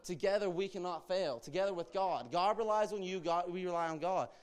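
A man's voice: high voice, fairly quick, clean tone. A young man giving an informal, earnest church sermon as a guest speaker, urging his listeners on with conversational asides.

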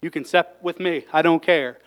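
A man's voice: on the high side, steady tone, normal speed, rough recording. A man preaching an emotional sermon, getting worked up, sighing and exclaiming between points. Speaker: lay preacher.

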